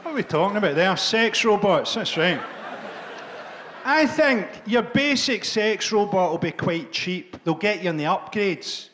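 A Scottish man performing a stand-up comedy set, profane and deadpan, jabbing at the crowd in a live venue. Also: sits high, measured pace, background noise.

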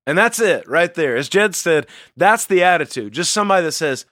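A man's voice: a little high, normal speed, hardly any pauses, dry recording, studio quality. A man co-hosting a casual faith podcast, telling stories earnestly. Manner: earnest storytelling, animated. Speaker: podcast co-host.

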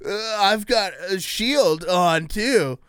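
A man's voice: high-pitched, slow, a bit bright, clear, resonant tone, no room sound, clean studio sound, voice pushed up. A man voicing a childish grown man who bickers like a kid on a playground, whiny and sing-song. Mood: whiny boasting.

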